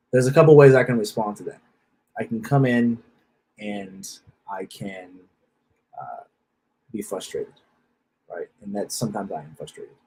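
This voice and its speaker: A man's voice: fairly low pitch, gravelly, breathy edge, rough recording. A man with a wife and children giving a blunt, profane motivational talk that often repeats itself. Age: adult with a wife and children. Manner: repeats phrases, restarts. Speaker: self-help speaker.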